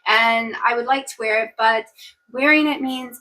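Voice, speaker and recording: A woman chatting casually to her viewers while cooking at home, excitable and rambling, talking into a clip-on mic. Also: a little high. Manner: rambling, excitable, talks fast in bursts. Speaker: vlogger. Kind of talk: casual vlog chat. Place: home kitchen, cooking at a griddle. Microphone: new clip-on wireless mic, sometimes clipped to the stove away from her.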